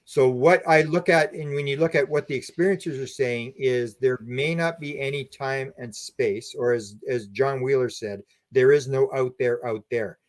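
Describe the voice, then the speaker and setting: A man's voice: mid-range voice, normal speed, hardly any pauses, dry recording. Earnest man explaining, dry close sound. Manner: rambling, earnest explaining with many restarts. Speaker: podcast guest, UFO researcher. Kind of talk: conversational interview.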